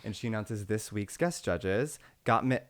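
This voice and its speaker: A man co-hosting a casual recap chat, playful and full of quick quips. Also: fairly low pitch. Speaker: podcast co-host.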